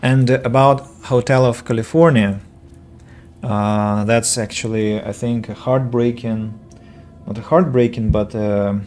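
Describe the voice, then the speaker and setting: This mid-range male voice is darkish, a little slow, and fairly steady in intonation. An English teacher streaming a game, he chats loosely in let's-play style, full of fillers and self-corrections, and responds aloud to what viewers write.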